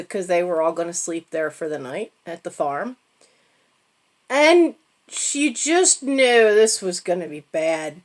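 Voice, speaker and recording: Animated woman telling a funny story. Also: a little high. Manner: animated, laughing, self-mocking storyteller. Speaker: channel host. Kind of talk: casual storytelling to camera.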